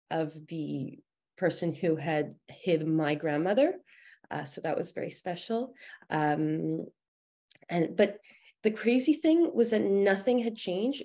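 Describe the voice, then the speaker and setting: A woman's voice: low voice, darkish tone. A young woman presenting at a film discussion, telling a family story earnestly, with frequent "um" fillers. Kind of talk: personal talk at a presentation.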